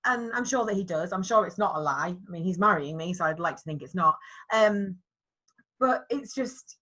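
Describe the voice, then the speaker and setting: A woman in her thirties, from England, co-hosting a casual podcast chat. Her voice is bright and clear, and she chats loosely, laughs often and trails off into fillers while she searches for words. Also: lowish voice, expressive, normal speed. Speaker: podcast co-host.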